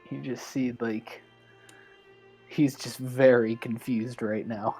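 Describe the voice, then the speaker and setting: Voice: medium pitch, steady tone, takes it slowly, warm tone, slightly rough, faint music behind. A player casually describing a character's actions in a tabletop game, with many fillers.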